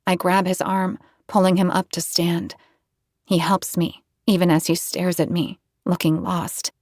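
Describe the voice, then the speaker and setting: A woman's voice: lowish voice, little pitch movement, a little slow, darkish tone, no echo, studio quality. Woman narrating a tense novel. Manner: tense, dramatic storytelling. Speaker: audiobook narrator. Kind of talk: first-person novel narration.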